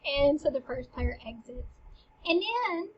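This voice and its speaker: A woman's voice: high voice, animated, measured pace, highs cut off, slight background noise. A woman teacher casually explaining a play, chatty and full of "like". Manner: chatty, uses "like" a lot.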